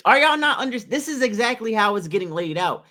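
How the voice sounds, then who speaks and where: A man's voice: sits high, big pitch swings, a little fast, pushed and bright. A man giving emphatic, preachy opinion commentary to his viewers, full of rhetorical questions.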